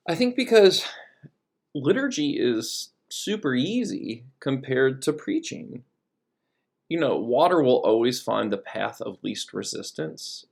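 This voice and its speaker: A man's voice: on the low side, vocal fry. A man who is a priest, giving a conversational teaching talk with frequent fillers and restarts. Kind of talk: recorded teaching talk over slides.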